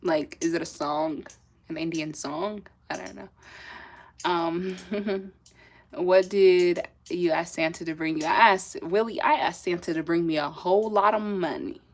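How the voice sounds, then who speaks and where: A young woman from southern Africa, her voice lowish and creaky, keeps a measured pace while hosting a casual stream. Between frequent laughs she chats, reads out messages from viewers, and uses some French phrases.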